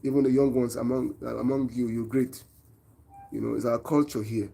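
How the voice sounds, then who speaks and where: A man with a Nigerian accent speaks to his viewers in an earnest opinion monologue, preaching his view and throwing rhetorical questions at them. His voice is warm and mellow with a husky edge, pitched mid-range for a man. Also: fairly even intonation, moderate pace. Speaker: online show host.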